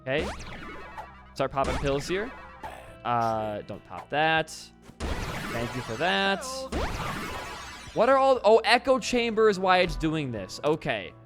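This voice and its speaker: A young man casually commentating his own gameplay, excitable and swearing freely as he talks at the game. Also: a little high, a little slow, music in the background. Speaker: gaming channel host.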